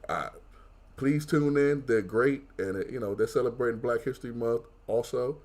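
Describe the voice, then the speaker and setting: A man guest-hosting a wrestling podcast, talking in casual banter with animated, mock-outraged rants. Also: mid-range voice, moderate pace.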